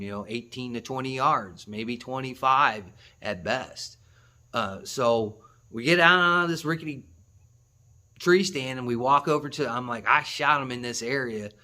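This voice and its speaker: A man hosting a hunting channel, telling a story to the camera in a rambling, excitable way, with laughs and restarts. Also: medium pitch.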